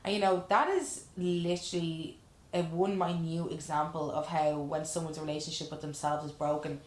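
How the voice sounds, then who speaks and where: A woman's voice: sits low, fairly even intonation, moderate pace. A woman life coach talking earnestly and frankly in a casual chat, reflecting and swearing now and then. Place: room in a lash salon. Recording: roomy echo.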